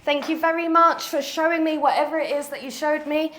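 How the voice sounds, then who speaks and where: A woman vlogging a ghost hunt in an abandoned house, talking to spirits, jumpy and swinging from hushed to loud. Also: sits high, flat delivery, moderate pace, hardly any pauses. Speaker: paranormal vlogger. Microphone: small mic on the camera.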